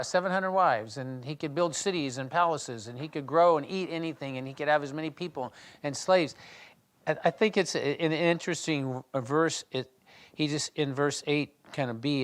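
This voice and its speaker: A man with a slightly higher voice than most leads a small Bible study. He reads scripture aloud and then talks it over in a loose, conversational way. He thinks aloud, restarts his sentences and often clears his throat. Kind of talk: reading scripture and discussing it in a small group.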